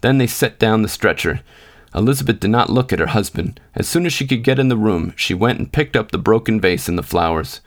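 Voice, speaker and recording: A man reads a classic short story in a low, even voice. His narration is measured and unhurried. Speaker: podcast host and reader. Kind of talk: scripted narration.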